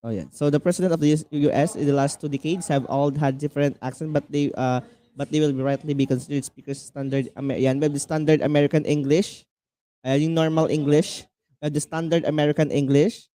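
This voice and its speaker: A man from the Philippines with a Filipino accent, teaching an online class in a halting way, full of fillers and restarts. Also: a little high, fairly even intonation, dark tone. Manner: code-switching, halting with many fillers and restarts.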